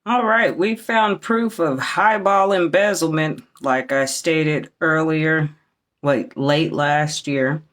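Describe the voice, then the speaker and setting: A speaker making a statement of claims, halting and searching for words. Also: medium pitch, a bit bright. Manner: halting, with fillers and restarts.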